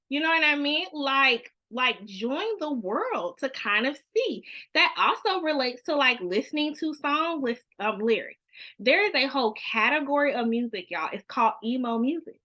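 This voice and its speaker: A woman's voice: high-pitched, expressive, normal speed, pushed and bright. A woman leading a church youth counseling workshop, chatting casually and acting out parent-child conversations. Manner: frequent "you know what I mean" asides.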